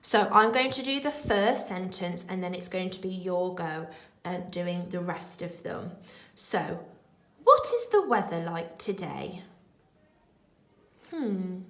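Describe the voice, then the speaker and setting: Slow, encouraging woman teacher. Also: lowish voice, fairly bright tone, roomy sound, low-quality recording. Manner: slow, clear and encouraging, addressing young children. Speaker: primary school teacher. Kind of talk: recorded remote lesson.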